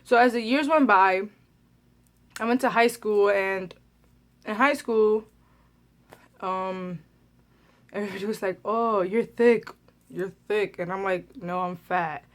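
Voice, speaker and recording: A woman's voice: medium pitch, measured pace, long pauses. A young adult woman telling a personal story to her vlog camera in a casual, chatty way, full of "like" fillers. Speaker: beauty vlogger.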